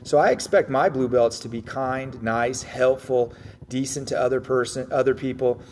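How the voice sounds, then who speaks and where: A man in the middle pitch range coaches jiu-jitsu in a loose, upbeat livestream Q&A. He talks bluntly with the odd mild curse and drops into quick acted-out asides of his own thoughts. A faint hum of room ambience sits behind him. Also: a little mellow. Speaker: jiu-jitsu instructor answering viewer questions. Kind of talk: casual livestream Q&A.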